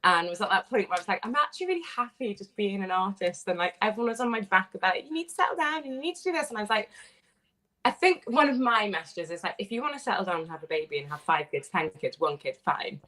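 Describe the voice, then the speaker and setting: A woman in her thirties from Wales, a playwright chatting on a radio show, telling stories with bubbly, animated quoting. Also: mid-range voice, quick pace. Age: 30s. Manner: bubbly, animated storytelling with quoted voices. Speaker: playwright guest. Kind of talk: casual radio interview.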